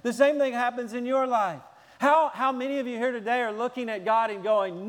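A man preaching a sermon in an animated way, at times acting out shouting children. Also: extremely high pitch, a little fast, big-room sound. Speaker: pastor.

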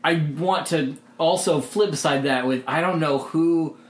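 A man's voice: on the high side, measured pace. A man co-hosting a podcast, chatting casually with wry, tangent-prone asides. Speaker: podcast co-host. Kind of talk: casual chat. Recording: roomy echo.

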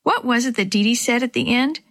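A woman's voice: a little high, a little fast, a bit bright. A woman voicing a frightened but brave young girl who talks herself through her fear in a children's story. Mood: worried, hopeful.

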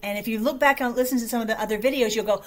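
Hosting an online show, a woman chats casually with her viewers in a rambling way, often restarting her sentences. She speaks rapid-fire in a fairly high voice that sounds a little weak and short of breath.

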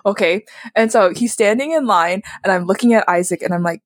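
A woman's voice: medium pitch, a little fast, dry recording, clean studio sound. A young woman on a podcast, telling a story in a giggly, self-deprecating, rambling way with many fillers. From Tongan heritage. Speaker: podcast co-host. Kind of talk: casual storytelling chat.

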